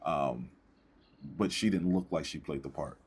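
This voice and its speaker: A man's voice: a bass voice, unhurried, a little mellow, husky. A man giving casual, lecturing commentary on a debate clip, often asking "right?" between points. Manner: lecturing, preachy, repeats "right?".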